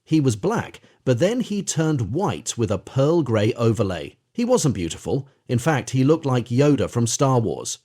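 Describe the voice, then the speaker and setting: A man's voice: mid-range voice, sing-song, unhurried, hardly any pauses. A man reading as a tender woman fondly recalling her pets. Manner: soft, fond, emotional.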